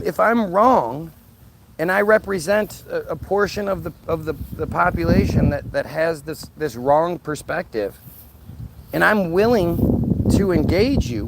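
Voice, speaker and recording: A man's voice: high-pitched, gravelly, background noise. A man hosting a solo livestream, talking in a combative, sarcastic way to a rival and his viewers. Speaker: livestream host.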